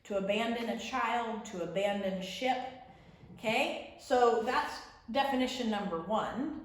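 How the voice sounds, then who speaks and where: A woman teacher explaining a lesson slowly and patiently, stretching out example words. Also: on the high side. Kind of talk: remote classroom lesson. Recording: very echoey room.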